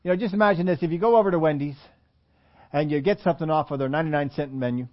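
A man's voice: a little high, rapid-fire. A man preaching a conversational sermon, asking his listeners questions and acting out the voices he quotes. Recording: dull lo-fi audio recording.

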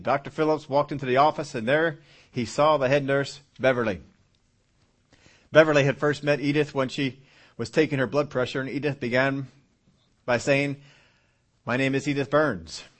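Man preaching with emphatic repetition. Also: a little high. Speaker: pastor. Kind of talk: sermon.

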